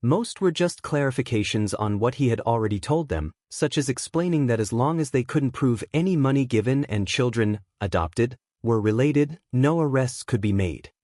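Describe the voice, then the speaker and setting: A man narrating a fan-written story in a steady, even reading voice. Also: medium pitch, moderate pace, hardly any pauses, dry recording, clean studio sound. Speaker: fanfiction narrator.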